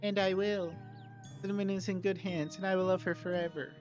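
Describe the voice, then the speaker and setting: A man voicing a sweet, cheerful teenage girl who talks softly and eagerly. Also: high voice, little pitch movement, a little fast, pitched above the performer's own voice, lightly acted. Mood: earnest. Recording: slightly dull with soft music.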